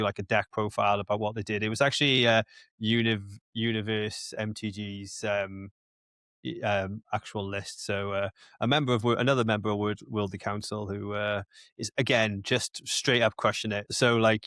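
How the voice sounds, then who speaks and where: A man's voice: on the low side, fairly bright tone, no room sound. A man co-hosting a casual podcast, rambling, with lots of restarts. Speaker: podcast co-host.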